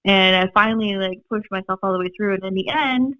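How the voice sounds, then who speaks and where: A young woman with a Minnesota accent, a podcast guest telling stories in a rambling, animated way, full of fillers and laughs. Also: mid-range voice, fairly quick, dry recording. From Minnesota, USA. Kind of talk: casual storytelling chat. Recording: dry, slightly dull podcast audio.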